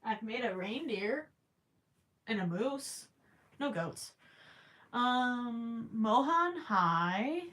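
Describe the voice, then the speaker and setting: A woman's voice: on the high side, animated, drawn-out words, pauses often, fairly bright tone. A young woman casually chatting on a livestream while crocheting, reading viewer questions aloud and teasing herself. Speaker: livestream host.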